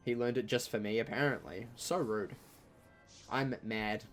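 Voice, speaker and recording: A young man, chatting casually through a live-streamed game, joking and breaking into loud outcries. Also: lowish voice, steady tone, measured pace, faint music behind. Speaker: gaming streamer.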